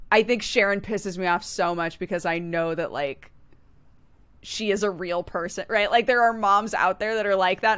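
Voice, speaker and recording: A woman's voice: fairly low pitch, fairly bright tone, clear, resonant tone. A young adult woman streaming a game, chatting and ranting casually with frequent laughs. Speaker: gaming streamer. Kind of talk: casual let's-play commentary.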